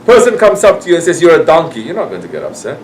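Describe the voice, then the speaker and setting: A man's voice: fairly high pitch, wildly swooping pitch, racing, recorded from a distance, a little hiss or hum, rough recording. A man giving a sermon to his congregation, scolding and acting out people's excuses. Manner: admonishing, acts out quoted excuses. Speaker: sufi sheikh.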